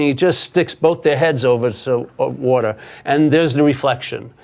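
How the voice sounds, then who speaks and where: A man, a spiritual teacher, telling a story casually and often checking in with "yeah?". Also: fairly high pitch. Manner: casual, animated, tags with "yeah?". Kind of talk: storytelling in a conversation.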